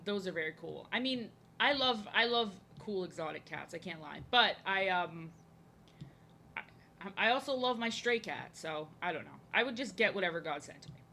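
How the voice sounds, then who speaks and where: A woman's voice: mid-range voice, pushed and bright, a little hiss or hum. A young American woman chatting and rambling casually to viewers while she draws. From United States. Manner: chatty, rambling, self-deprecating. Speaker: art streamer.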